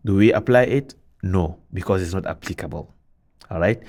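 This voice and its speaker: A man's voice: deep voice, normal speed, a little mellow. A man teaching Quran recitation rules, patiently repeating points, asking and answering his own questions, and chanting verses as examples.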